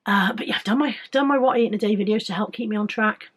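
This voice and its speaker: English woman, late 40s, weight-loss vlogger; candid, chatty, a bit froggy, middle pitch. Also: rapid-fire, husky. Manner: candid, chatty, rambling with restarts. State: slightly croaky. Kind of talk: casual chatty vlog.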